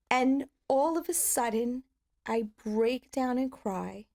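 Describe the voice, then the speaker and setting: A woman guest on a podcast, telling a personal story in an animated, vivid way and acting out moments as she goes. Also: a little high, slow. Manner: animated, vivid storyteller who acts out scenes.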